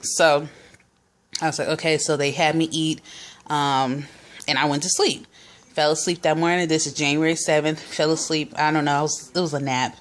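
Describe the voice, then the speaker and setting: Young woman, low voice, chatty vlogger storytelling, lots of "like" and "um". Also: steady tone, moderate pace. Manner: chatty, many fillers and quoted dialogue. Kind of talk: casual personal storytelling.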